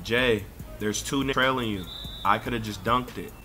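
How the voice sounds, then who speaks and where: A young man on headset voice chat during a basketball video game, bossy and argumentative, getting loud and defensive. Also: on the low side, moderate pace, soft background music. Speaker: gamer streaming a pickup basketball game. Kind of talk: heated gaming voice chat.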